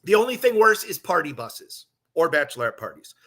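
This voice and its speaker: A middle-aged man, a podcast host, telling a long story in a casual, profane, animated way. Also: on the high side, fairly quick.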